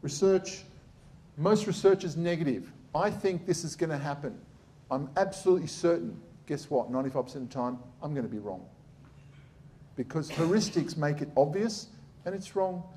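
A man's voice: fairly high pitch, animated, normal speed, mellow, slight background noise. A middle-aged man, a surgeon giving a blunt, sarcastic public talk.

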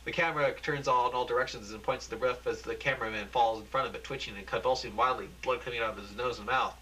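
Bright-voiced man reading a play. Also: mid-range voice, fairly even intonation, slight background noise, rough recording. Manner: halting, frequent restarts and fillers. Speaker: reader of an amateur radio play. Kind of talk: reading a script aloud, stumbling over lines.

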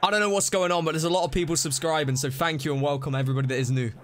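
A man streaming a zombie game live, reacting excitably, scolding himself and thanking donors. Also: on the high side, very fast. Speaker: livestreamer. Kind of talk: live gameplay commentary. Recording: music playing behind voice. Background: game music and gunfire.

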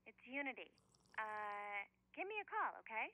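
A worried cartoon ex leaving anxious, rambling voicemails. Her tone is bright and animated, and she comes through as voicemail playback. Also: on the high side, moderate pace, low-quality recording.

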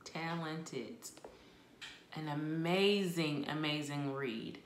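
Slow-talking bright-voiced woman reviewing books. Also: sits low, roomy sound, slight background noise. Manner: expressive, chatty, with laughs and asides. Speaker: book vlogger. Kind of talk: casual book review chat.

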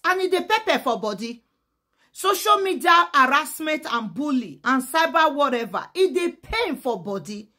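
A woman's voice: high voice, pushed and bright. A woman with a Nigerian Pidgin accent, giving a fiery, emphatic vlog rant that switches between Pidgin and English. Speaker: social media commentator.

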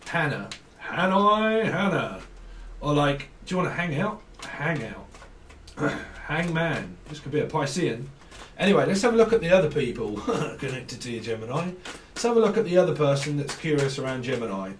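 Man in his forties, cockney accent, crude and rambling tarot talk, slightly high voice, echoey room away from the mic. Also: big pitch swings, normal speed, recorded from a distance, a little hiss or hum. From southern England. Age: 40s. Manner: rambling, crude, laughing, slips into mimicked voices. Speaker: tarot reader. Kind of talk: casual tarot reading monologue.

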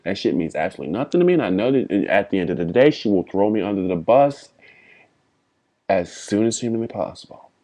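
Young guy rambling through an apology vlog, lots of swearing, low voice that swings up and down a lot. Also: big pitch swings, fairly quick, warm tone. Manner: profane, rambling and heartfelt. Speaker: vlogger.

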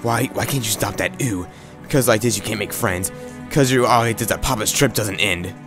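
A man voicing a short-tempered mother in a visual novel, scolding in his own low voice. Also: normal speed, over music, lightly acted. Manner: scolding, exasperated.

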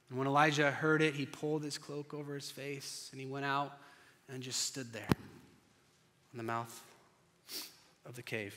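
A male pastor preaching a sermon, telling the story dramatically and swinging between loud and hushed delivery. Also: mid-range voice, little pitch movement, normal speed, long pauses. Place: church sanctuary. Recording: long church reverb.

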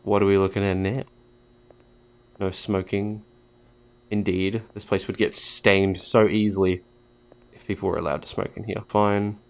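A man giving casual let's-play commentary, joking, swearing and talking back to the characters on screen. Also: on the low side. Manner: jokey, swears, talks to game characters. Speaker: gaming YouTuber.

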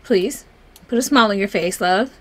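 A woman's voice: medium pitch, normal speed, fairly bright tone. A woman hosting a casual let's play, chatting through the game and talking fondly to her characters. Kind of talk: casual gameplay commentary.

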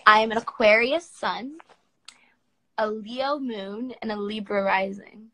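A woman's voice: mid-range voice, slow pace, bright, forceful tone, low-quality recording. A woman in her twenties from Washington, D.C., chatting casually on a phone livestream and answering viewers' comments at home. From Washington, D.C., United States. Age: 20s. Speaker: model answering fans on a livestream.

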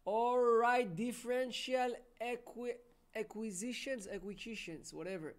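Casual man hosting a live Q&A. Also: sits high. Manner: casual, friendly, calls viewers "my friend". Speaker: webinar host. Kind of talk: live Q&A reading viewer questions.

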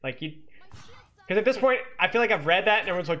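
A man's voice: sits high, animated, quick pace, bright, forceful tone, dull audio. A man coaching as he analyzes a game replay, teasing and sarcastic, cracking jokes between points. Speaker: esports coach.

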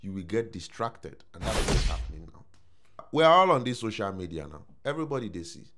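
A man with a Nigerian accent giving casual opinion commentary, animated and slipping into Pidgin. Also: lowish voice, fairly quick, background noise. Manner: animated, mixes Pidgin, repeats "I don't know if I'm shouting".

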